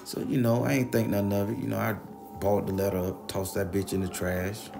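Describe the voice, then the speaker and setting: A man's voice: fairly low pitch, a little fast, creaky, over music. A man telling a wild personal story, slangy and profane, acting out the voices of everyone in it. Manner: animated, slangy, acts out the voices.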